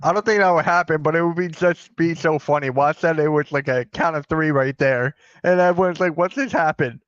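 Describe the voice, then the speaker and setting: A man's voice: on the high side, fairly quick, clean tone, no room sound. A young man co-hosting a wrestling watch-along stream, chatting casually and joking. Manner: joking, laughs at his own ideas. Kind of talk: casual chat. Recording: dull, dry sound.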